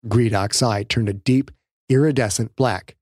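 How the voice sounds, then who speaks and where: A man narrating his own novel as an audiobook, reading in a dramatic, lively way. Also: mid-range voice, a little slow, no room sound, studio quality. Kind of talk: scripted narration.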